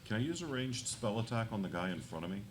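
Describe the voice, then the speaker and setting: A man playing a tabletop game live, stating his moves in a measured way. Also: lowish voice, big pitch swings. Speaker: player. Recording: live event with faint room noise.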